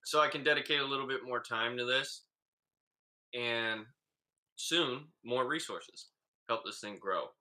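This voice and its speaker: A man co-hosting a casual podcast, talking in a loose, relaxed way with many filler pauses. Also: mid-range voice. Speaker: podcast co-host.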